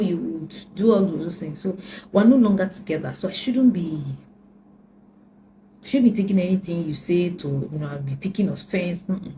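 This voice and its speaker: Middle-aged woman coach, earnest and repetitive, warm mellow tone. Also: on the low side, a little hiss or hum, poor audio. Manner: earnest, repetitive, preacherly emphasis. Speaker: relationship coach. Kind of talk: personal advice talk.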